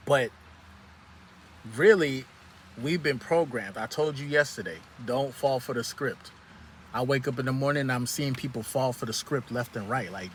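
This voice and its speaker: A man's voice: medium pitch, moderate pace, a little hiss or hum. A man vlogging outdoors in the sun, giving a profane, preachy motivational rant with lots of repetition.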